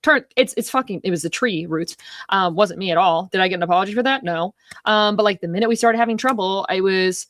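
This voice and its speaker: A woman's voice: mid-range voice, fast, fairly bright tone, no echo. A woman co-hosting a film talk show, venting in a rambling, heated way with lots of swearing. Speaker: podcast co-host. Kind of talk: casual film discussion.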